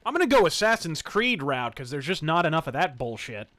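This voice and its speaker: A man running a live game stream from a home setup, talking loud and crude and swinging his voice up and down with every beat of the game. His tone is bright and cutting, spoken close into a desk mic. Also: a little high, a little fast. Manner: loud, profane, jumps to excited yells while gaming. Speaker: stream host.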